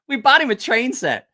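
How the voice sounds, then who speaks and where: A man hosting a livestream, telling rambling, profane stories with a laugh, a little tipsy after a few drinks. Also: very high-pitched. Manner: lively, profane, laughing storyteller. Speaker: livestream host. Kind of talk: casual storytelling livestream.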